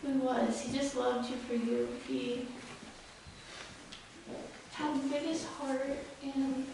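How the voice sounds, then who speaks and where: A young woman giving an unscripted eulogy at a funeral, halting and full of fillers, with soft laughs between thoughts. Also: high voice, fairly even intonation, creaky. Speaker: eulogy speaker. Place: funeral chapel. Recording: echoey hall picked up from far off with background noise.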